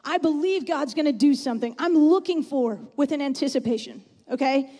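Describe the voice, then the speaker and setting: A woman's voice: sits high, fairly quick, mellow. A woman preaching a sermon in a church, chatty and often asking the congregation questions. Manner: conversational, asks the audience questions. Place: church sanctuary. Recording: long reverb in a church hall.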